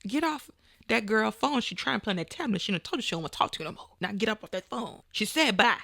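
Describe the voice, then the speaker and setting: Emphatic gravelly-voiced woman motivating. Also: medium pitch, lively intonation, fast, fairly bright tone, dry recording, studio quality. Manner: emphatic, preachy, playful asides; casual colloquial speech. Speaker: podcast host. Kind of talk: motivational monologue.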